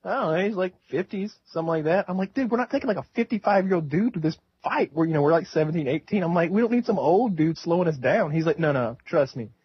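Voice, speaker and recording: Husky young man telling a story. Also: fairly high pitch, animated, fast talker, hardly any pauses, no echo. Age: young adult. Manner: eager storyteller, acts out quotes. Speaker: podcast co-host. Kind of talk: casual chat. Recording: dull lo-fi audio.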